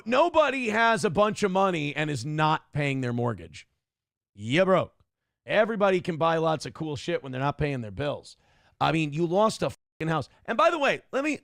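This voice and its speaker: Brief: middle-aged male streamer, blunt and profane, slightly high gravelly voice. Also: a bit bright, no echo, studio quality. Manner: blunt, ranting, swears freely. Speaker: streamer host reading chat. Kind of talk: casual livestream commentary.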